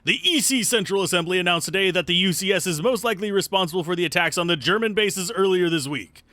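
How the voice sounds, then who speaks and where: Casting: formal male news anchor, read by a man streaming a game, bright tone, crisp delivery. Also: sits high, quick pace, dry recording, pitched above the performer's own voice. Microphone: close desk mic.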